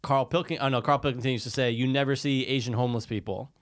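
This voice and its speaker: A man co-hosting a podcast, trading crude jokes in quick casual banter. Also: mid-range voice, fairly even intonation. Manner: crude, joking banter, quick back-and-forth. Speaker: podcast co-host. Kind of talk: casual chat.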